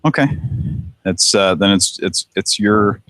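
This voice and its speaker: A man's voice: lowish voice, unhurried, a bit bright, no room sound. A man hosting a casual call-in chat show, rambling, correcting himself and swearing. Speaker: host. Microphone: internet call.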